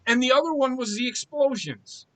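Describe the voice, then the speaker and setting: A man's voice: extremely high pitch, expressive, normal speed, a bit bright. A man co-hosting a sports podcast, ranting with heavy profanity in a casual chat. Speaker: podcast co-host.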